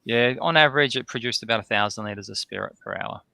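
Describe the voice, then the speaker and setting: Gravelly, forceful man telling a story. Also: on the low side, quick pace. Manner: animated anecdote-telling, tags sentences with "right?"; acts out both sides of remembered conversations. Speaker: distillery owner, podcast guest. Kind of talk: casual storytelling in a podcast interview.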